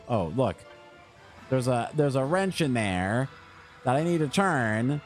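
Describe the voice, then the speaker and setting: Animated swearing male game streamer. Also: on the high side. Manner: animated, swears often, jumps between rambling asides and frustrated outbursts. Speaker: gaming streamer. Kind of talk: casual live game commentary.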